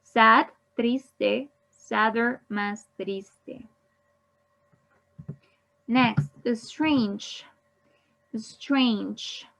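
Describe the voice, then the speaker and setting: Very slow, patient woman teacher. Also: a little high, vocal fry, a bit bright, rough recording. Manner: repeats each word, then gives the Spanish. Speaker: English teacher. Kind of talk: slow bilingual grammar lesson.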